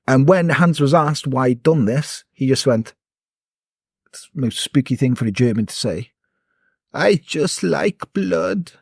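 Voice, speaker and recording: A man's voice: mid-range voice, normal speed, no echo, clean studio sound. A man casually telling a true-crime story on a podcast, sweary and jokey.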